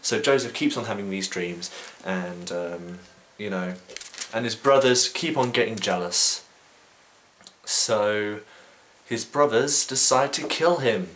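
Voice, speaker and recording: A man's voice: fairly low pitch, animated, takes it slowly, fairly bright tone, slight background noise. A young man vlogging, retelling a story casually with sarcasm, swearing and frequent fillers.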